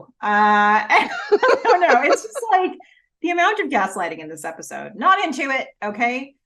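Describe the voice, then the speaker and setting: A woman co-hosting a casual recap podcast with a lively, swooping voice. She talks in quick bursts and jumps into the characters' lines as she retells a scene. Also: mid-range voice. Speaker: podcast co-host.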